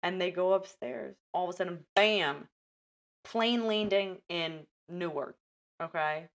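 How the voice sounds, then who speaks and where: A young woman hosting a casual podcast, retelling movie scenes in animated detail and acting out the characters' lines. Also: on the low side, a little slow. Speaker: podcast host.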